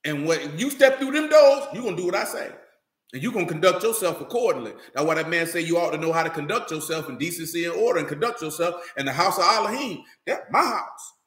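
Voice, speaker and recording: Man preacher, high and bright, loose street-style delivery, echoey hall. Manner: loose, street-talking, animated, repeats "you know what I'm talking about". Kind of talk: animated sermon.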